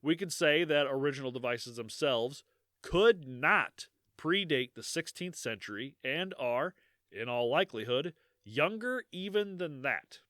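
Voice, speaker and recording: A podcast co-host with a slightly high voice speaks unhurriedly in a clean studio recording without echo. Chatting casually, he reads a long quote, swears freely, laughs often, and animatedly moves between loud and quiet.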